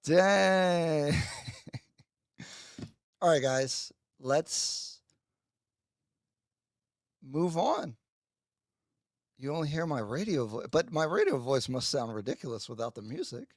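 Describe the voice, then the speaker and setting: A man's voice: medium pitch, sing-song, measured pace, long pauses, dry recording, studio quality. A man hosting a live stream, chatting casually and mocking himself while he talks to his viewers. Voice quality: gravelly, husky. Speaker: livestream host. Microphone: headphones with mic.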